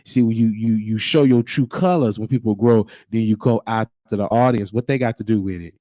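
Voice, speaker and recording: A man's voice: on the low side, a little fast, dark tone, no echo. A man hosting his own show, talking in an emphatic, preachy way and repeating his points. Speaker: show host. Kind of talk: casual livestream monologue. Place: Texas.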